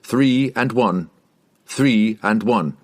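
A man's voice: fairly low pitch, extremely slow, pitched above the performer's own voice. A man reading the part of a blunt, wary barbarian warrior. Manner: blunt, forceful.

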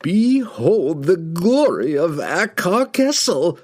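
A man voicing an arrogant, boastful male wizard tyrant who rants in a shrill, slow, grandiose shout. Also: very animated, slightly rough, heavily acted.

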